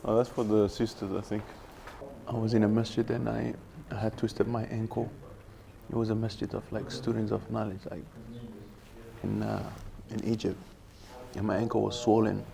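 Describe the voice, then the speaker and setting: A man's voice: fairly low pitch, flat delivery, moderate pace, gravelly, long pauses, crowd noise. A young man vlogging casually, telling laid-back, slangy stories and laughing along. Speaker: vlogger and Arabic teacher. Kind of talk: casual storytelling vlog.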